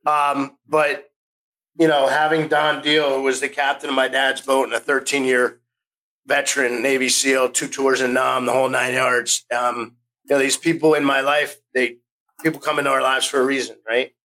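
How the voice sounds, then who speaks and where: A man's voice: medium pitch, flat delivery, moderate pace, pushed and bright, low-quality recording. A man in his fifties from the United States, a podcast guest telling rambling stories, restarting sentences and acting out the voices he quotes. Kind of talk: casual storytelling interview.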